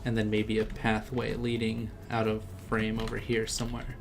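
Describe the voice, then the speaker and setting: A man's voice: on the low side, completely flat delivery, normal speed. Chill guy streaming his drawing, chatty, laughs a lot, faint music behind. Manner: chatty, laughs often, reads chat aloud. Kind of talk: casual live-stream chat while drawing.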